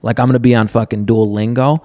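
A man's voice: medium pitch, little pitch movement, fast, a little mellow, no room sound, clean studio sound. A man hosting a podcast, rambling through a crude, profane comedic monologue while seated on a stool at a counter, laughing often. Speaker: podcast host.

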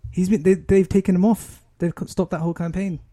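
A man's voice: high-pitched, steady tone, fairly quick, dark tone. A young man co-hosting a podcast, chatting casually and joking, often laughing between remarks. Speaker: podcast co-host. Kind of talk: casual chat.

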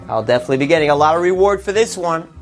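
An earnest, worn-out devout father mutters to himself, tired but determined, in a man storyteller's voice. The lines are a touch raised and eager. Soft music sits faintly behind. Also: a little high, animated, very fast. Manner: earnest, breathless musing. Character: Kalman, weary devout man, sweating and earnest.

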